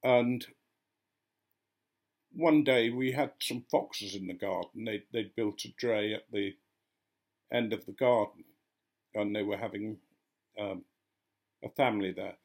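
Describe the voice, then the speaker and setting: A man's voice: lowish voice, a little slow, long pauses. An older man, a retired vicar, telling a story casually and acting out the voices of the people in it. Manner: gently amused, acting out quoted voices.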